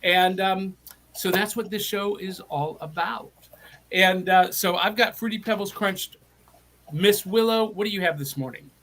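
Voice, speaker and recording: A man's voice: high voice, measured pace, a bit bright. A middle-aged man from Middle Tennessee hosting a live online show, chatty and enthusiastic with frequent restarts. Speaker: host.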